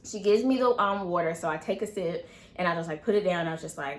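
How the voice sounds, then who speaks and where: A woman in her twenties telling a personal story in an animated way, acting out quoted dialogue with many fillers. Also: on the low side, fast. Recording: echoey room.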